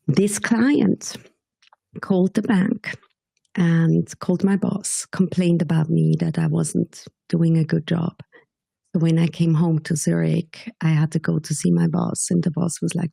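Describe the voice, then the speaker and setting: A woman speaks as a podcast guest, her voice deep, dark and gravelly. She talks slowly and deliberately, at times sinking into a husky whisper. The sound is close and dry. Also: flat delivery, dry recording. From Switzerland. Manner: slow, measured, sometimes dropping to a whisper. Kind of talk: podcast interview storytelling.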